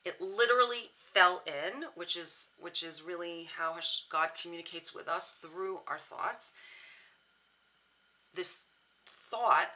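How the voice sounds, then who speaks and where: A woman's voice: on the low side, slow, pushed and bright, rough recording. A middle-aged woman therapist sharing a personal story, speaking candidly and earnestly with frequent restarts, emotional at times. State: emotional, near tears. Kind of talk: personal reflective talk.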